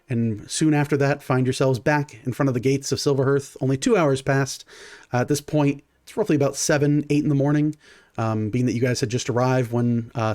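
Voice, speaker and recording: A man narrating a tabletop game as game master, in a halting way with many fillers and restarts. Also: mid-range voice, darkish tone.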